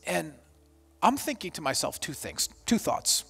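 Pastor in his thirties, lively storytelling sermon, fairly high male voice, shouts out the quoted lines. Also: measured pace, gravelly, husky, faint music behind. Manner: animated, self-deprecating, acts out quotes loudly.

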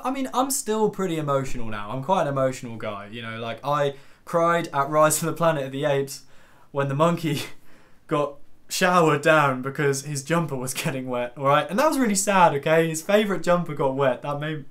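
A man's voice: a little high, a bit bright. A young man in his twenties telling a self-deprecating story for his vlog, rambling with fillers and asides. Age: 20s. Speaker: YouTuber.

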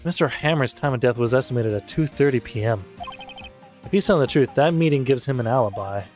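A man voicing a wry young male defense attorney from a video game, pitching his voice low and delivering lines in a dry, deadpan way. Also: fast talker, soft background music, close to an everyday voice. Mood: serious.

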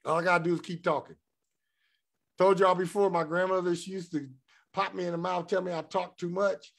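A man's voice: high voice, flat delivery, a little fast, gravelly, a bit bright. A middle-aged man hosting a spiritual podcast, reading passages aloud and then riffing on them in a candid, profane, personal way. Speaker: podcast host. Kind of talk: casual spiritual monologue.

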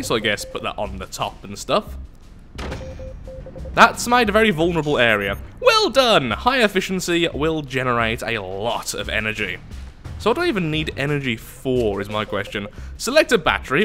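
A man's voice: mid-range voice, pushed and bright. A man giving casual, jokey let's-play commentary, reading on-screen text aloud and exclaiming. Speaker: gameplay commentator.

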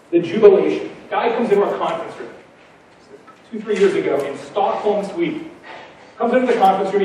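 A man giving a conference keynote, punchy and energetic, full of rhetorical questions. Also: high voice, very echoey, distant mic, a little hiss or hum, poor audio. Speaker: keynote speaker. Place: large conference hall.

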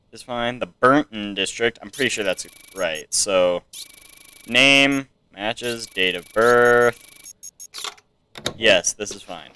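A man's voice: mid-range voice, a bit bright, smooth. A man giving casual gameplay commentary, thinking aloud as he checks items off to himself. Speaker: game player.

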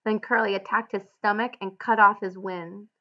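Teacher reading aloud with annotations. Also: female voice, mid-range voice, fairly even intonation, normal speed, lo-fi sound. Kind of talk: read-aloud with guided annotations.

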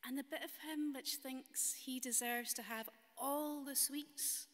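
Unhurried Scottish woman minister. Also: high voice, steady tone. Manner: gentle, playful storytelling. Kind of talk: children's story in a church service. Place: large stone cathedral. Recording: long cathedral reverb.

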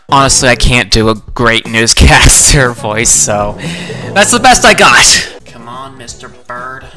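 A woman commentating on a game she is playing, playful and excitable, talking to the characters on screen. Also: a bass voice, a little slow. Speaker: gaming channel host. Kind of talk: let's play commentary. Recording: music playing under voice. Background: background music.

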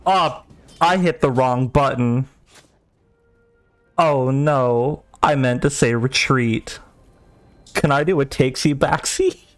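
A man's voice: medium pitch, slow pace, pauses often, faint music behind. A young man livestreaming a strategy game, chatting casually and laughing often in a flustered, self-mocking way. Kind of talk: casual gaming stream chat.

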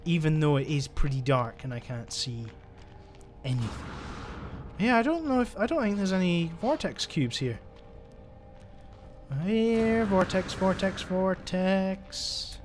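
A man's voice: high voice, unhurried, slight background noise. A young man giving chatty, exasperated let's-play commentary as he plays, talking to himself. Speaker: gaming channel host.

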